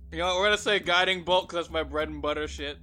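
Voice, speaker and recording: Sarcastic man with a very bright voice. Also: on the high side, quick pace, soft background music. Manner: sarcastic, loud, joking. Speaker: player. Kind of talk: casual tabletop play.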